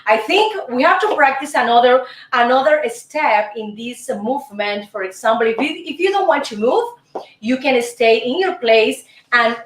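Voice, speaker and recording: A woman, a Spanish speaker, hosting a show and teaching dance steps, counting them aloud and cheering the viewer on. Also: on the high side. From Cuba. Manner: counts steps aloud, encouraging, repeats herself, bursts of shouting. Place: indoor room. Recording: roomy distant recording with music. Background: dance music.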